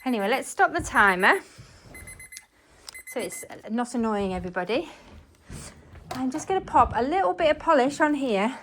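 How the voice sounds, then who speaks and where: A woman's voice: high voice, lively intonation, normal speed, pauses often, fairly bright tone, a little hiss or hum. A woman chatting to viewers as she cleans her living room, talking while moving around the room. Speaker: cleaning vlogger. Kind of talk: casual chat while cleaning. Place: living room at home, indoors.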